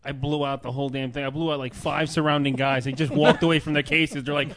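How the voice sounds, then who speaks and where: A man's voice: a little high, level tone, fast, a bit bright, slight background noise. A man in loose, crude podcast banter, telling a story between bursts of laughter.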